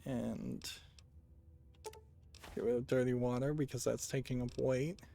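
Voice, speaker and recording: A man's voice: mid-range voice, steady tone, unhurried, creaky, warm tone. A man casually commenting on a game he is playing, thinking aloud with musing hums. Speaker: let's play gamer.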